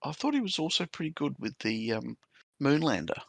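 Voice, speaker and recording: An Australian man co-hosting a casual podcast chat, easygoing and pausing with ums. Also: medium pitch, big pitch swings, gravelly, dry recording. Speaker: podcast co-host.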